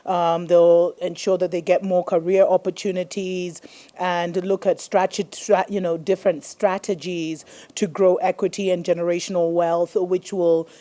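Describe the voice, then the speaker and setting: Mellow-voiced woman hosting a chatty show. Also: mid-range voice. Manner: chatty, excitable, with many fillers. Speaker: host. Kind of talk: casual commentary.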